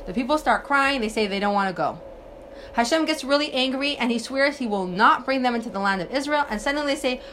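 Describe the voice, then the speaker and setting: A woman's voice: high voice, fairly quick, a little hiss or hum. Woman teaching a Hebrew text lesson. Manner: reads Hebrew text then translates and explains; animated storytelling with rhetorical questions. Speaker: Torah teacher.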